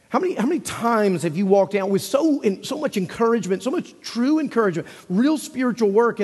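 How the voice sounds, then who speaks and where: A man's voice: high-pitched, a little mellow, slightly rough, long reverb tail. A man preaching a sermon as pastor, earnest and full of rhetorical questions, often repeating phrases for emphasis.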